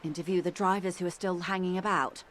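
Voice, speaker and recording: An actress voicing a composed, calculating corporate woman negotiator in a video game, measured and persuasive. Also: fairly low pitch, steady tone, a bit bright, slight background noise, natural voice. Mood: calm, persuasive.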